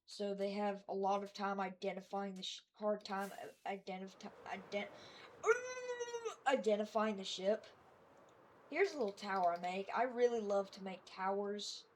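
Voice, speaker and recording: A woman's voice: medium pitch, fairly even intonation, normal speed, a little mellow, a little hiss or hum. A woman giving a casual voice-over of her game world, rambling and hesitant, with lots of fillers, restarts and self-deprecating asides. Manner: self-deprecating about her own work. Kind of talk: casual voice-over narration of gameplay.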